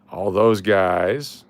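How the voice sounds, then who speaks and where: A middle-aged man chats through a casual vlog in a smooth, fairly low voice. He rambles, restarts and jokes as he goes. The sound is close and dry with no room in it. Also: no room sound. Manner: rambling and joking, with chuckles and trailing restarts. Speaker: coin collecting channel host. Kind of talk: casual vlog chat while scrolling through photos.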